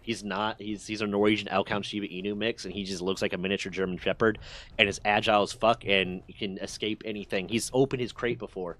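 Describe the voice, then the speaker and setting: A man hosting a livestream, telling stories to his chat in a profane, animated way. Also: on the low side, fast talker. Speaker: livestream host. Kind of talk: casual storytelling to a stream chat.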